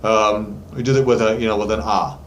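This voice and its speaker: Loud music plays under this man's fairly low, steady voice as he talks a little fast. A vocal coach, he gives a laid-back lesson to camera from his voice studio, rambling with plenty of fillers and singing notes as examples. His echoey room carries faint background noise.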